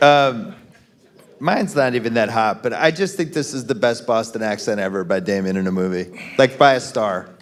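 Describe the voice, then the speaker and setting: A man's voice: on the low side, moderate pace. A man hosting a live podcast panel on stage, chatting casually, handing out mock awards and calling on his guests. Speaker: podcast host. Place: live stage in a concert venue.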